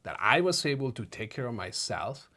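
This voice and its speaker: A middle-aged man from Mexico speaks to his viewers like old friends, loose and conversational. His voice sits at an ordinary middle pitch, and he keeps his story moving with easy fillers. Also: big pitch swings, moderate pace, pushed and bright. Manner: chatty, addresses viewers as friends, many fillers. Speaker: vlogger. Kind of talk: casual storytelling to camera.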